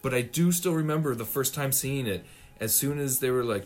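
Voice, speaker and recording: Casting: lively guy, late 30s, podcast co-host, mimics film lines, mid-pitched. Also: fairly quick. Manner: animated, acts out film lines in mocking voices. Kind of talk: casual film chat.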